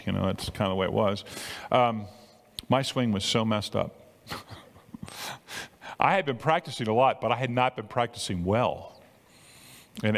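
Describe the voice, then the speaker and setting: Older man preaching in a reverberant hall. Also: lowish voice. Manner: conversational, repeats words, rises to emphatic peaks. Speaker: pastor. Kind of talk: sermon.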